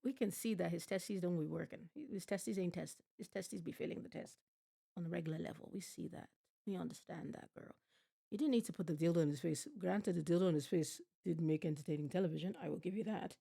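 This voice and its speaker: A woman's voice: fairly low pitch, brisk, vocal fry, warm tone, husky. A woman gives casual reaction commentary on a TV show as a streamer, blunt and profane, riffing and repeating her phrases.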